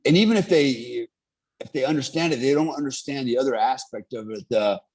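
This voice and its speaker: A man's voice: medium pitch, a little fast, darkish tone, husky. A middle-aged man who is a military veteran, telling his story in a casual interview with an earnest, rambling manner. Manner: rambling, many fillers, earnest.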